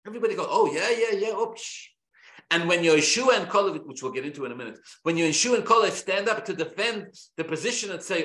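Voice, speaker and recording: A man, a rabbi teaching a Torah class, speaking in an animated, emphatic way with rhetorical questions and frequent restarts. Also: high-pitched. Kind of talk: lecture-style Torah class. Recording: roomy echo.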